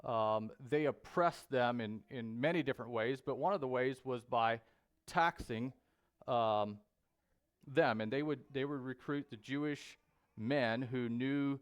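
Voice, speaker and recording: Guy preaching a sermon real slow, lots of pauses and ums, mid pitch. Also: clean tone. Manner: slow and deliberate with frequent pauses and fillers. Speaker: pastor. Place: church sanctuary.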